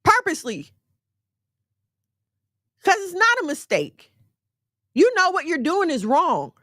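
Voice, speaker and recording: A woman giving a conversational sermon in a direct, animated way, mixing scripture with everyday slang. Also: very high voice, slow, no room sound, clean studio sound. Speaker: faith teacher.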